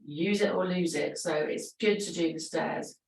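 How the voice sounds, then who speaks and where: A woman leading a gentle exercise class, encouraging and chatty, laughing often between cues. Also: lowish voice, moderate pace, distant mic, a little hiss or hum. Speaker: fitness instructor. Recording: roomy echo, voice from away from the mic.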